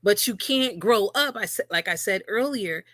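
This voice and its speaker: A woman's voice: medium pitch, animated, moderate pace, fairly bright tone, no room sound. Earnest woman preaching relationship advice. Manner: earnest, preachy, repeats key phrases for emphasis. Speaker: co-host. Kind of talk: livestream relationship talk.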